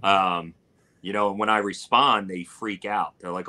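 A man's voice: low-pitched, fairly even intonation, measured pace, bright, forceful tone. A man talking casually as a guest in an interview, rambling with plenty of fillers as he tells a story. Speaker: barbecue cook and guest. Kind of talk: casual live-stream interview.

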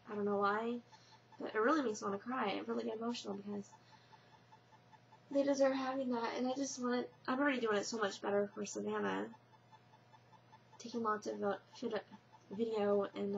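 A woman's voice: medium pitch, creaky. A young woman talking casually to her camera in a rambling vlog, full of fillers and restarts. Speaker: vlogger. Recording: muffled lo-fi webcam audio with faint hiss.

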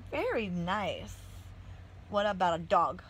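A mother in a casual home video, asking her small child gentle questions in a sing-song voice. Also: lowish voice, big pitch swings, takes it slowly, slight background noise, poor audio. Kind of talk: home video chat with a toddler.

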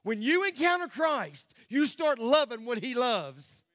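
Pastor, high tenor, dry close sound; preaches hard, then drops to a near-whisper for emphasis. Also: male voice, big pitch swings, a little slow, no room sound. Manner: impassioned preaching that swings from loud declarations to hushed near-whispers. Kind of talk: sermon. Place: church sanctuary.

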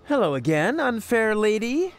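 A man's voice: high-pitched, big pitch swings, moderate pace, faint music behind. An actor voicing a cocky, sarcastic young man in a video game, talking in a smug, scheming way. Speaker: game protagonist.

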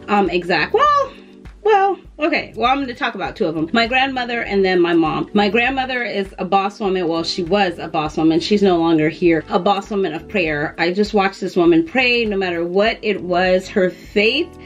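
A woman's voice: medium pitch, highs cut off. A woman in her thirties from the United States chatting casually to camera as a fragrance vlogger, calling her viewers "you guys". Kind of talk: casual vlog talk to camera.

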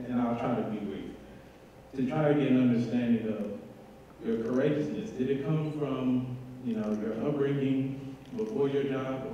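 A man's voice: mid-range voice, warm tone, slight background noise. Earnest young man in an echoing hall. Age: young adult. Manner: earnest and polite. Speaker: audience member asking a question. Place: large hall. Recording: muffled, echoey hall from far off.

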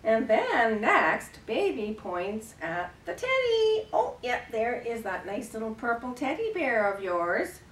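Playful, high-voiced woman leading baby rhymes. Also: wildly swooping pitch, slow, few pauses, a little hiss or hum. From Canada. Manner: gentle, playful, exaggerated gasps and animal sounds. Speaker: children's librarian leading baby rhyme time. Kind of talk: sing-song rhymes and action songs for babies. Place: library program room, recorded on camera. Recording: echoey room, camera at a distance.

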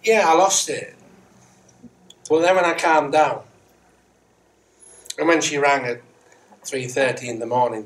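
A man's voice: a little high, measured pace, pauses often. A middle-aged man giving a Sunday sermon in church, chatty and self-mocking, with repeated rhetorical questions. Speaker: Methodist minister. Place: church sanctuary, indoors. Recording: distant church mic with faint hiss.

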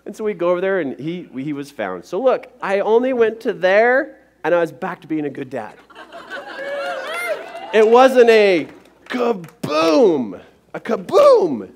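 A man's voice: high voice, fairly quick, few pauses. A man giving a motivational seminar talk, telling a personal story to a live audience and acting out the dialogue. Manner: animated, acts out the dialogue in his stories. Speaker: motivational speaker.

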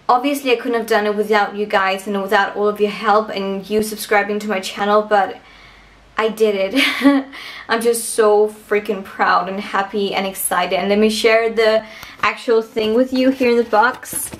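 Her mid-range voice comes across with a flat delivery, yet this young Danish woman, a native Danish speaker, gushes in a bubbly way as she vlogs about beauty to camera at home. She throws in quick asides to viewers, and the room is echoey.

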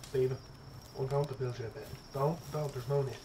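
A young man giving casual let's-play commentary, excitable and profane, chattering to his in-game pet as he plays. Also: mid-range voice, a little fast, a little hiss or hum. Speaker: gaming streamer.

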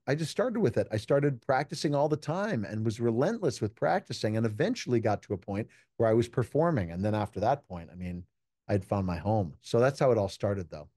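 A man's voice: mid-range voice, warm tone, no echo, studio quality. A man from the United States, a keynote speaker, talking in a casual interview and telling stories earnestly and reflectively. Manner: earnest, reflective storytelling with quoted dialogue. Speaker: keynote speaker and juggler, podcast guest.

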